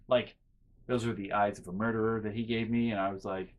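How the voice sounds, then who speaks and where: A young man vlogging, telling a casual, rambling story full of restarts and quiet muttered asides. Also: on the low side, fairly even intonation, fairly quick. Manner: rambling, self-interrupting with fillers and restarts.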